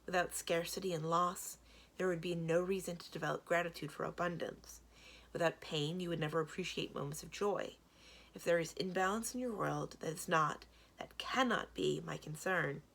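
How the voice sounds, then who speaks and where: A woman voicing a stern, commanding female guardian of a magic realm in a read-aloud storybook, speaking in a measured, lecturing way. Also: lowish voice, steady tone, vocal fry, a bit bright.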